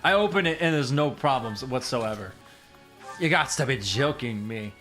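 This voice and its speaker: A man casually commentating his gameplay, excitable and rambling, repeating himself and laughing often. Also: mid-range voice, moderate pace, soft background music. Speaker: streamer.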